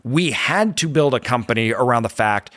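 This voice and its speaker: A man hosts a podcast interview in an earnest, reflective voice, stressing points by saying them twice. His pitch sits in a middle register. The sound is dry and close, with no room around it. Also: lively intonation, normal speed, a bit bright, no echo. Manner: earnest, reflective, repeats words for emphasis. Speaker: podcast host. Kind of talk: conversational interview.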